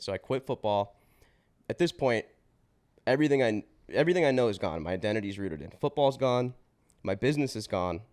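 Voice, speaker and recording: A man in his twenties, a podcast guest, telling his life story in a casual, slangy way with swearing and quick restarts. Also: fairly low pitch, a little mellow. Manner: slangy and swearing, says bro and dude; fast run-on telling with restarts.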